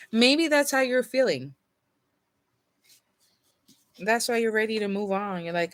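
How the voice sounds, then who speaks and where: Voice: medium pitch, animated, slow pace, long pauses, a bit bright. Sleepy, rambling tarot reader. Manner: rambling, self-interrupting, with laughs and fillers; reads card meanings from a guidebook aloud. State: sleepy, yawning. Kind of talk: casual tarot reading to camera.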